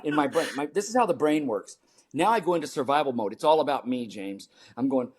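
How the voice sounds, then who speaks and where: An older man from the United States, a performance coach, telling lively stories in an interview and acting out his own reactions. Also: mid-range voice, quick pace, breathy edge. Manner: animated storyteller, acts out his own panicked voice. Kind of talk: storytelling interview talk.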